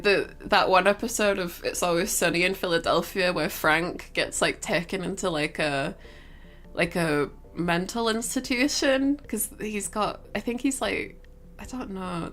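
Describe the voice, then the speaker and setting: A young woman chats to her stream in a loose, rambling storytelling voice. She piles on fillers and breaks into giggles as she goes. Her pitch sits in an ordinary middle range for a woman. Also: fairly bright tone. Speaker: livestreamer. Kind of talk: casual storytelling to a stream chat.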